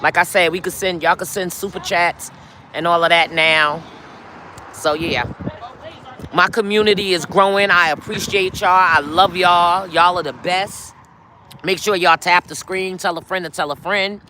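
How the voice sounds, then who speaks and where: Bright-voiced chatty New woman. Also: on the low side, fairly even intonation, a little slow, a little hiss or hum. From New York. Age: middle-aged. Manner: chatty, talks straight to viewers with lots of y'all. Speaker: live-stream host. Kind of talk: casual live-stream chat with viewers. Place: outdoors on a city street.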